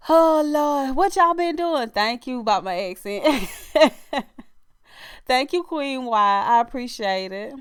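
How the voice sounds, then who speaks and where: A woman's voice: a little high, fairly bright tone, clean tone. A middle-aged woman with a Louisiana accent, hosting a casual live stream, chatting with viewers, laughing often and calling them y'all. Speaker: livestream host.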